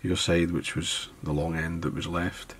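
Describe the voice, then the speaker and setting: At his tying desk, a Scottish-accented man gives an easygoing fly-tying tutorial, thinking aloud as he works. His low-pitched voice is level, fairly bright and breathy at the edges, and he speaks a little slowly.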